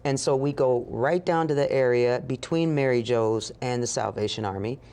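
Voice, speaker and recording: A woman telling a story as an interview guest, animated and acting out the voices of the people in it. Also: rumbling low, moderate pace. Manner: animated, acts out dialogue with laughs.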